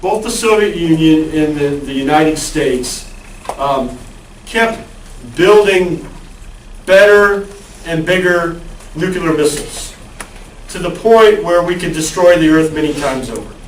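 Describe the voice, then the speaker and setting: A man's voice: on the high side, a little slow, slight background noise. A male college lecturer giving a conversational classroom lecture and asking the class questions. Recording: echoey classroom, far from the mic.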